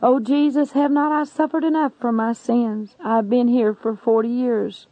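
A woman's voice: a little high, fairly even intonation, moderate pace, dark tone, no echo, lightly acted. A woman voicing the soul of a tormented man who begs desperately for mercy. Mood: anguished. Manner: begging, anguished. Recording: dull lo-fi recording.

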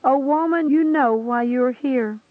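A woman speaking the lines of Jesus in a slow, grave manner in a testimony reading. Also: high voice, no echo. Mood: solemn. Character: sorrowful, solemn male Jesus speaking. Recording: tinny phone-like lo-fi recording.

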